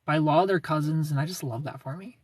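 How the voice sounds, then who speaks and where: A young adult streamer with a husky, slightly breathy voice chats casually with viewers. The talk is loose and sarcastic, with frequent laughter, and the pitch sits in the middle. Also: brisk, dry recording. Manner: chatty and sarcastic, laughs often, answers viewers by name. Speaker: livestreamer reading chat. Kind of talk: casual livestream chat.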